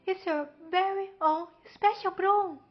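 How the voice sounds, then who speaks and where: A woman's voice: very high-pitched, a little slow, pitched above the performer's own voice. A woman voicing a mischievous, teasing woman who enchants a broom, in a sing-song, mocking way. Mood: gleefully mocking. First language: Portuguese. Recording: muffled with faint music.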